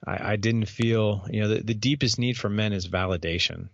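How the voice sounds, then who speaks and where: A man in his thirties, a podcast host appearing as a guest, tells a candid personal story in an interview, earnest and repeating words as he goes. His voice is on the low side with vocal fry, fairly even intonation, and a moderate pace. The recording is dry, dull, and lo-fi.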